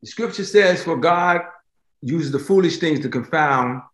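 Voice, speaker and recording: A man's voice: on the high side, a little slow, a bit bright. A man preaching a sermon, emphatic, repeating phrases for stress and asking his listeners directly if they follow. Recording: roomy echo.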